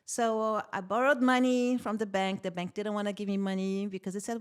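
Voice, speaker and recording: Lively woman telling a story. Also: medium pitch, fairly quick, hardly any pauses, clear, resonant tone. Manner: animated, laughs often while telling stories. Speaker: podcast guest, tech founder. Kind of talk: casual interview storytelling.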